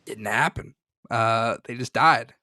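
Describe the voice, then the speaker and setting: A man's voice: mid-range voice, takes it slowly, sharp tone, no echo, clean studio sound. A man co-hosting a podcast in casual chat, joking and swearing freely as he reads through a story. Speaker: podcast co-host.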